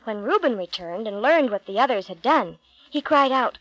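A woman with a fairly high voice reads a Bible storybook aloud in a gentle, clear way. The recording is dry and close, with no room sound. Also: animated, moderate pace, no room sound, rough recording. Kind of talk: storybook narration.

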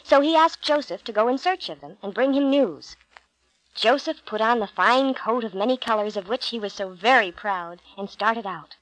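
A woman with a fairly high voice reads a Bible storybook aloud in a gentle, clear way. The recording is dry and close, with no room sound. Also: animated, moderate pace, no echo, poor audio. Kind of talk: storybook narration.

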